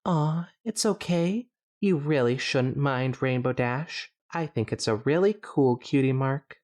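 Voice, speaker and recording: A man voicing a gentle, shy female pony, speaking softly and slowly. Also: mid-range voice, pitched above the performer's own voice, natural voice. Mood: comforting.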